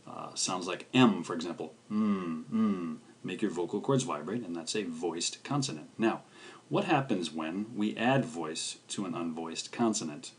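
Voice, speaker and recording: A man's voice: deep voice, lively intonation, a little hiss or hum. A man teaching a language lesson, carefully pronouncing syllables and repeating each one. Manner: slow, careful pronunciation of syllables with repetition. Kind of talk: scripted video lesson.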